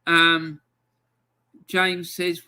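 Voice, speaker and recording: A man's voice: fairly high pitch, monotone, very slow, sharp tone, clean tone. A man hosting a live football fan stream, ranting in angry exasperation about his team's loss. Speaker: fan channel host.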